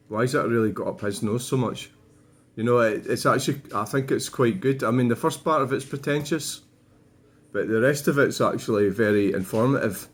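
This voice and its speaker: A man's voice: mid-range voice, a little fast. Man rambling wryly. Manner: rambling, wry, digressive. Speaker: vlogger. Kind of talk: casual commentary on own channel.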